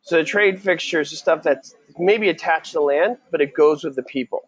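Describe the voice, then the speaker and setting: A man's voice: fairly high pitch, moderate pace, husky, muffled recording. A man tutoring a student for a real estate exam in a casual question-and-answer session, quizzing and encouraging.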